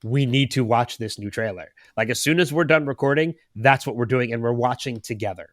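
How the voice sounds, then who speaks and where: A man's voice: mid-range voice, brisk, no echo, clean studio sound. A man in his late thirties, a podcast host telling a long story in casual chat, rambling and getting emotional. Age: 30s.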